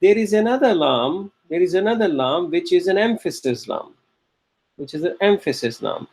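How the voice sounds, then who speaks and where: Male teacher, somewhat high voice, patient, repeats points, keeps asking "okay?". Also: lively intonation, moderate pace, gravelly, darkish tone. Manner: repeats key phrases, checks in with "okay?" and "right?". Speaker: Arabic grammar teacher. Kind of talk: classroom lecture.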